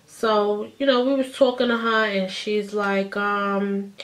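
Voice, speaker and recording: A woman in her thirties, telling a personal story to the camera in a chatty, animated way and acting out what others said. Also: mid-range voice, unhurried. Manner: animated, chatty, acts out quotes. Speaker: vlogger. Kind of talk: casual storytime.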